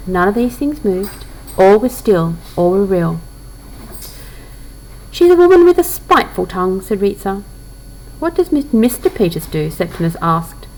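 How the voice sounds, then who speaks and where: A woman reading a classic novel aloud in a measured, reflective way, pausing to comment on the passage. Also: medium pitch, a little hiss or hum, low-quality recording. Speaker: audiobook reader.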